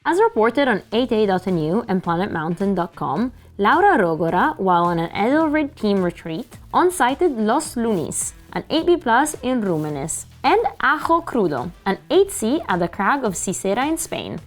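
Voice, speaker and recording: Lively woman co-hosting climbing news. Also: mid-range voice, moderate pace, hardly any pauses, soft background music. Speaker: co-host of climbing news show. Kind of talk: news show banter and read reports.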